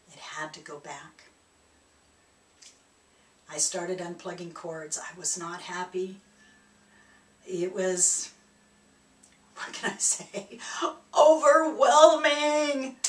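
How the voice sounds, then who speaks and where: A woman telling a reflective personal story as a spiritual speaker, animated and laughing as she goes. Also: lowish voice, slow pace, pauses often, slight background noise. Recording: echoey room, distant mic.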